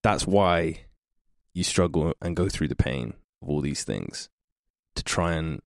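Deep-voiced reflective man. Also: animated, unhurried, vocal fry, no room sound, clean studio sound. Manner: reflective, trails off, laughs easily. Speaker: guest, actor and performer. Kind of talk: casual podcast conversation.

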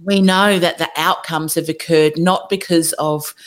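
A woman's voice: low-pitched, fairly even intonation, unhurried. A woman hosting an interview, conversational and affirming, often asking "isn't it?". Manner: affirming, conversational, with tag questions. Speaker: podcast host.

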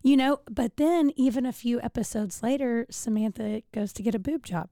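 A woman hosting a podcast, chatting in a friendly, relaxed way with frequent "you know.". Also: a little high, normal speed, creaky, no room sound, studio quality. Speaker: podcast host. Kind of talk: casual podcast chat.

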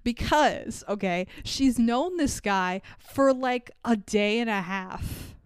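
A woman's voice: on the high side, expressive, slow, smooth, no room sound. A young woman co-hosting a podcast, recapping a movie in sarcastic, profane casual chat with frequent laughter. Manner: sarcastic, swearing, laughs often. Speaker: podcast co-host.

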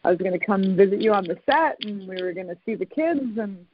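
Halting speaker on a tinny phone line. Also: mid-range voice, expressive, noisy background. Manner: halting, many fillers and restarts. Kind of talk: casual conversation over a call.

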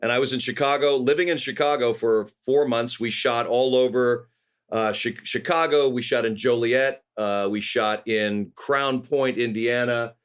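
A man's voice: mid-range voice, measured pace, clean tone. Middle-aged california guy telling stories on a podcast, does little voices for people he quotes. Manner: animated anecdotes with quoted voices. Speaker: guest actor. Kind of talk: casual storytelling.

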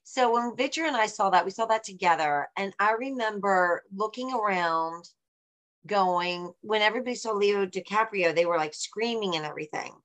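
A woman's voice: medium pitch, moderate pace, a bit bright. A woman hosting a casual chat, asking questions and sharing her own stories in an encouraging way.

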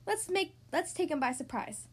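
A woman's voice: very high-pitched, animated, moderate pace, voice pushed up. A woman voicing an impulsive young boy superhero in a storybook. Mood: eager.

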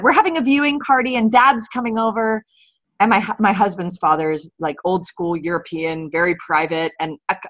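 A woman in her forties, an author guest in a casual interview, telling candid stories with lots of restarts. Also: on the low side. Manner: candid, animated storyteller with frequent restarts.

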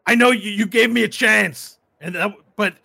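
A man voicing a defeated fighter who shouts shrill, pleading protests. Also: moderate pace, creaky, full character voice.

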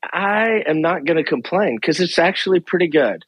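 A middle-aged man, a therapist, chatting casually and animatedly on a podcast, with lots of quick asides and restarts. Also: fairly high pitch, animated, a bit bright, slightly rough, no echo. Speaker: therapist guest.

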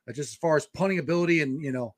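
A man's voice: on the high side, racing, crowd noise. A man hosting a casual sports chat, agreeable and hedging his opinions. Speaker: podcast host.

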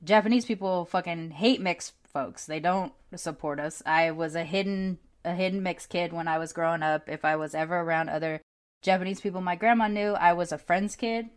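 A woman hosting a casual podcast interview, candid and animated, swearing freely and laughing often as she tells stories. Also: fairly low pitch, moderate pace. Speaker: podcast host.

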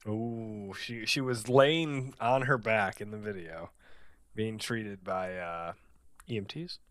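A man co-hosting a sports podcast with a bright, smooth, clear voice. He delivers his game previews like punchy one-liners with a deadpan edge. The sound is dry and close to the mic. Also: fairly low pitch, slow pace, no room sound. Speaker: podcast co-host. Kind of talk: casual sports podcast banter.

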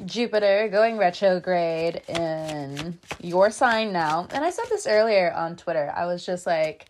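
A woman's voice: fairly low pitch, lively intonation, a little slow, few pauses. A woman hosting a casual tarot reading from a room above her garage, chatty and rambling, laughing often between asides. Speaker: tarot reader and channel host.

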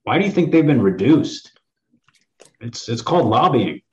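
A man's voice: mid-range voice, very animated, moderate pace, dull audio. A man from the East Coast, co-hosting a podcast in casual chat, explaining things hesitantly with many fillers. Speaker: podcast co-host.

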